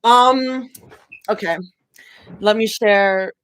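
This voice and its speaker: A young woman chatting casually on a livestream from her bedroom before reading fan fiction, rambling, giggling often and breaking into excited yelling. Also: mid-range voice, extremely slow, clean tone. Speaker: fanfic livestream reader.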